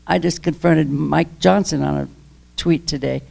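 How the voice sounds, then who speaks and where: A woman's voice: low voice, steady tone, unhurried, vocal fry, darkish tone. An older woman giving an impassioned talk about her own story. She is emphatic, laughs between points, and rambles with restarts. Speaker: guest speaker. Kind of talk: public talk, candid personal story.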